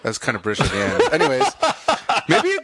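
A man's voice: mid-range voice, fairly quick, heavy background noise. A man co-hosting a podcast, chatting casually and teasing his co-host with jokes. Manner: joking, teasing, animated. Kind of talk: casual chat.

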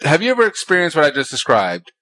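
A man's voice: fairly high pitch, huge pitch swings, fast, pushed and bright. Dryly sarcastic male podcast co-host. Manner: mock-indignant, dry sarcastic jokes. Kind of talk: casual comedic chat.

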